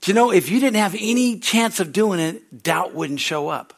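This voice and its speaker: A male pastor preaching a sermon in a church service, telling stories animatedly and laughing loudly. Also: high-pitched, moderate pace, gravelly. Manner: loud laugh, animated storytelling.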